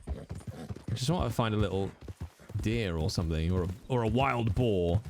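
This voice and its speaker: A man's voice: fairly low pitch, lively intonation, unhurried, vocal fry, long pauses, darkish tone, a little hiss or hum. A man streaming a role-play game, chatting casually with his viewers in a playful, rambling way and humming little tunes between remarks. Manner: playful, rambling, hums little tunes, jokes about accents. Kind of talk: casual gaming chat with viewers.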